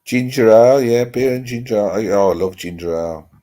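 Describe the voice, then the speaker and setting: Seated at home with a laptop on his lap, a man hosts a casual livestream chat with viewers through the laptop microphone. His voice is fairly low and mellow, a little fast, and he rambles chattily with some mild swearing.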